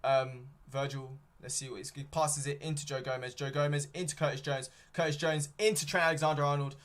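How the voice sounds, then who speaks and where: A man's voice: fairly high pitch, flat delivery, a little fast, a bit bright. A young man doing live fan play-by-play of a football match, rambling with frequent ums and self-corrections. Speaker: fan streamer commentating a match. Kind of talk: live fan watchalong commentary.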